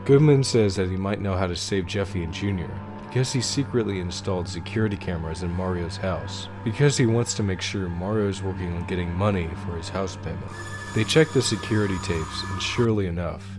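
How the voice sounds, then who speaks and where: A man narrating a creepy story in a measured, dramatic storytelling voice. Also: deep voice. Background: background music.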